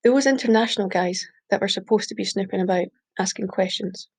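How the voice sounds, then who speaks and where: A woman reading a short story aloud, steady, with small slips she corrects. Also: medium pitch, a little fast, breathy edge. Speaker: reader. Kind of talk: audiobook reading.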